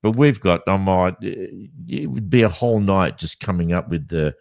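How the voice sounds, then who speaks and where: His voice sits low and sounds gravelly, moving at a moderate pace. A podcast co-host from Western Australia, this Australian man chats casually and tells animated, rambling stories with frequent restarts.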